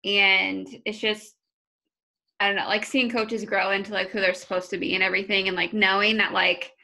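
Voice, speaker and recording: A rambling woman host from Iowa chats loosely and fills her talk with "like" and "I don't know". Her voice is bright and a little tense, with a gravelly fry running through it. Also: mid-range voice, little pitch movement, normal speed. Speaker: podcast host. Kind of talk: casual podcast chat.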